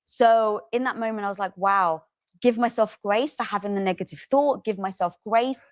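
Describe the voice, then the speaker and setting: A woman hosting an interview, telling stories in an animated, emphatic way and swearing for emphasis. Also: mid-range voice, moderate pace, dry recording, studio quality. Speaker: podcast host. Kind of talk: interview conversation.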